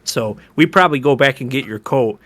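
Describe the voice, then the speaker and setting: A man playing an easygoing dating-show contestant who muses aloud in a relaxed way. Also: medium pitch, fairly quick, dry recording, lightly acted. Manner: relaxed, musing, lots of 'you know'. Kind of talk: comedic improvised dating game.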